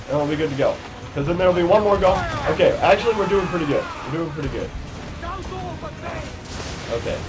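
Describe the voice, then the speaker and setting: A man giving casual let's play commentary, excitable and frustrated, with outbursts and shouts at the game. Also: mid-range voice. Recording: game music loud behind voice. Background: game music.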